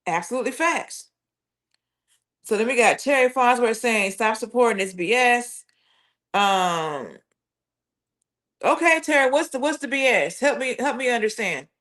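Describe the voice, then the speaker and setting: A woman's voice: fairly high pitch, animated, measured pace, long pauses, fairly bright tone. A woman hosting a casual live reaction stream, chatting loosely and reading viewer comments aloud. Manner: chatty, addresses chat as y'all, reads usernames aloud. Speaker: livestream host.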